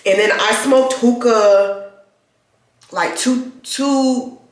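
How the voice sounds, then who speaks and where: A woman's voice: on the high side, drawn-out words. Wheezing woman vlogger in an echoey car. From United States. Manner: chatty, laughing, animated storytelling. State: wheezing, recovering from asthma. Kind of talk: casual chat to camera. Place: inside a car.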